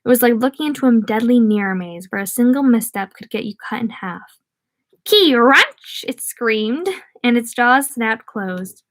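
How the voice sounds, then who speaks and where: A woman's voice: on the high side, moderate pace, no echo. A young woman streaming a book reading, breaking off to chat with viewers in scattered asides. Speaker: read-aloud streamer.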